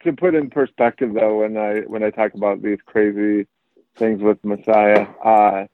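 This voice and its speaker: A man's voice: on the low side, normal speed. A man, chatting on a podcast and animatedly telling stories while acting out the quotes. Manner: animated storyteller, acts out quotes. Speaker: podcast guest. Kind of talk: casual podcast chat. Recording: tinny phone-like line, dry.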